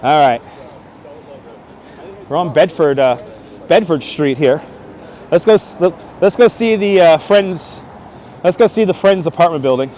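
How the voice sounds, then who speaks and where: Chatty high-voiced man streaming outdoors. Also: expressive, measured pace, long pauses, darkish tone, a little hiss or hum. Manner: chatty, joking, greets viewers by name. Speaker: live-streamer. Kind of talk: casual live-stream chat. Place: outdoors on city streets. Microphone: wireless clip-on mic.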